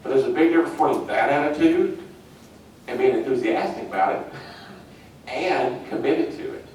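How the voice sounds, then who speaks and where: A middle-aged man leading an orientation for new healthcare staff, chatty and quick to act out little scenes. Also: medium pitch, a little mellow, very echoey, recorded from a distance, a little hiss or hum, low-quality recording. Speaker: orientation trainer. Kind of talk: casual training talk to new staff.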